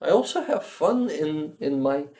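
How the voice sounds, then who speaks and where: A man with a Ukrainian accent chatting casually on a livestream, exhausted and halting, often restarting words. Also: fairly high pitch, big pitch swings, a little mellow. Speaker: livestream host.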